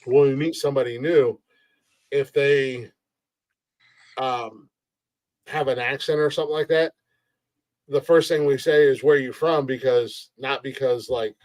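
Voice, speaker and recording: A man's voice: mid-range voice, steady tone, unhurried, pauses often, rough recording. Joking Ohio man hosting a podcast. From Ohio, United States. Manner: loud, jokey, mock voices, swears. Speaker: podcast host. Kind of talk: casual chat.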